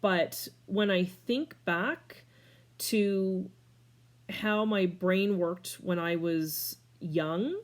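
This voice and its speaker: A woman's voice: fairly even intonation, very slow. A middle-aged woman in a casual talking-to-camera life update from home, rambling and scattered, tearful and emotional, laughing through tears. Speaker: vlogger. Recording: clear background noise, furnace rumble.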